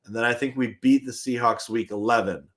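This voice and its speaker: A man's voice: medium pitch, fairly even intonation, brisk, a bit bright. A young man hosting a live fan stream in casual chat, reading viewer comments aloud, chuckling often and restarting his sentences.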